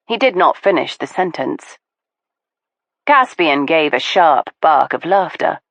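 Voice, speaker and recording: A woman narrating a period mystery novel in the first person, measured and expressive. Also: low-pitched, no room sound, dull audio. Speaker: audiobook narrator.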